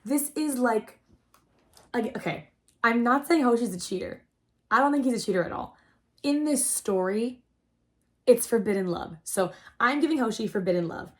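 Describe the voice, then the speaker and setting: A young adult woman hosting a casual storytelling chat, rambling and excitable, saying "like" constantly. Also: on the high side, normal speed, pauses often. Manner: rambling and excitable, heavy use of "like". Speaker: host.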